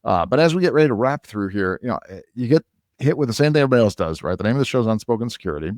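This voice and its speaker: A man's voice: mid-range voice, very animated, very fast, darkish tone, no room sound, clean studio sound. A man from Minnesota hosting a podcast in casual interview chat, rambling and restarting sentences. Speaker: podcast host.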